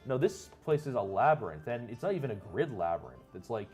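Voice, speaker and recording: A man runs a tabletop game, painting the scene in long, meandering descriptions. His voice sits at a middle pitch and goes back on itself as he thinks, with faint music underneath. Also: big pitch swings, brisk, a little mellow. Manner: descriptive, rambling, with restarts. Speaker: game master.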